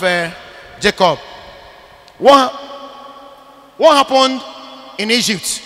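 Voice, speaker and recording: Male priest, sermon; forceful, bright tone, insistent repetition, reverberant hall sound. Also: high voice. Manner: emphatic preaching with sudden loud bursts; repeats phrases for emphasis. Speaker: Catholic priest.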